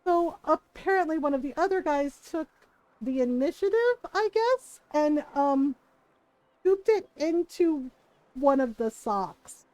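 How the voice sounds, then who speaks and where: A woman's voice: sits high, slow pace, no echo. A woman streamer chatting casually, telling a story with frequent laughter and acted-out quotes. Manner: animated, laughs often, acts out quoted voices. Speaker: game streamer.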